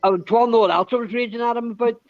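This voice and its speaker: Male livestream host, high-pitched, ranting and profane, dry muffled sound. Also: fairly even intonation, racing, no room sound. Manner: ranting, heavy swearing, repeats "it's me". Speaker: show host. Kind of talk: casual livestream banter.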